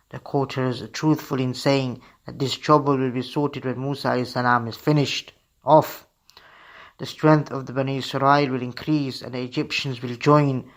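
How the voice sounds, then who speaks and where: Male radio storyteller for children. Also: mid-range voice. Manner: steady reading aloud with slips.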